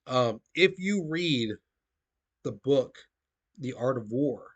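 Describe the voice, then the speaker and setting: A man's voice: mid-range voice, expressive, takes it slowly. A man teaching a recorded history lesson to his students, casual and conversational, often checking in with "okay?".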